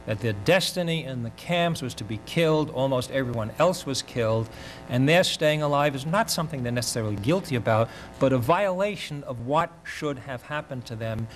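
Older man, academic lecture, reflective, pausing, mid-range pitch. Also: lively intonation, faint music behind, rough recording. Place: university lecture.

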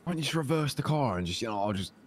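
A man's voice: mid-range voice, lively intonation, very fast. A man roleplaying in a game, grumbling and swearing at his mates. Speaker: roleplay character.

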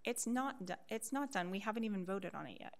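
A woman chairing a public meeting, firm and measured as she explains the board's position. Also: mid-range voice, slight background noise.

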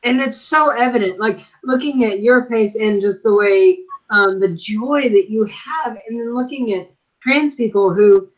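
A woman's voice: on the high side, measured pace. A woman guest in a casual faith conversation, speaking earnestly and affirming what the host says. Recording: muffled lo-fi audio.

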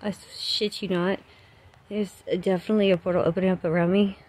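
Out by a road at night, a woman vlogger films a handheld paranormal vlog on her phone, giving anxious, breathless running commentary over outdoor noise. Her mid-range voice is a little mellow, fairly quick, with little pitch movement.

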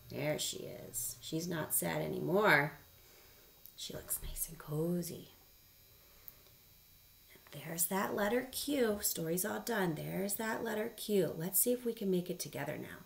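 A woman teacher reading a picture book aloud to children, animated and asking them questions. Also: on the low side, a little slow, gravelly.

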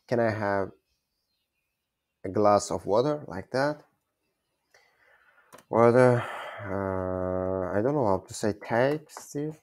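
Low slow guy w/ a gravelly voice, keeps repeating words n fixing himself. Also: a little mellow. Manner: halting, repeats words, self-correcting. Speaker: language learner teaching German basics. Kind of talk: informal self-taught lesson.

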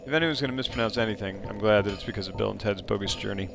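A man streaming a game live, chatting playfully with viewers and breaking into sudden high exclamations. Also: racing, vocal fry, faint music behind. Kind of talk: casual live-stream chat while playing.

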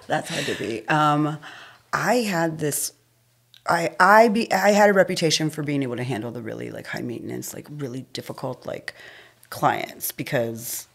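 A woman hosting a casual podcast chat, who reacts readily, laughs quickly and uses many fillers. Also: deep voice, vocal fry, fairly bright tone, slightly rough.

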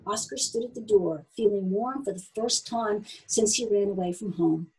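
Husky, expressive woman reading a story. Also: medium pitch, moderate pace, poor audio. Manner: expressive, animated. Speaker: narrator.

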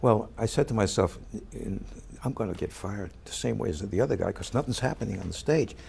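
A man, an actor, telling a backstage anecdote in an interview, lively as he acts out the voices of the people in the story. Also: on the low side, brisk, a little hiss or hum. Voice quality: gravelly, husky. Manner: animated storyteller who acts out quoted voices.

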